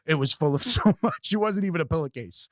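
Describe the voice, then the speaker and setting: A man's voice: a little high, lively intonation, quick pace, a bit bright, dry recording, clean studio sound. A man hosting a podcast, talking candidly and casually, swearing freely and repeating words as he thinks. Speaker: podcast host. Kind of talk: casual conversation.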